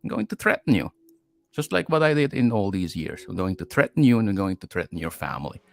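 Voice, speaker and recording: A man's voice: fairly low pitch, sing-song, fast talker, gravelly. A man co-hosting a live stream, delivering an aggressive, taunting, profane rant.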